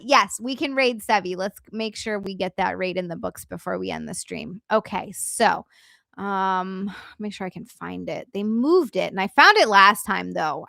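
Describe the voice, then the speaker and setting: A woman's voice: medium pitch, gravelly, sharp tone, no echo, studio quality. A woman hosting a casual livestream, chatting with her chat and effusively thanking viewers, giggly and bubbly. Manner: bubbly and effusive, giggly, chatty asides while navigating settings. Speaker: livestream host.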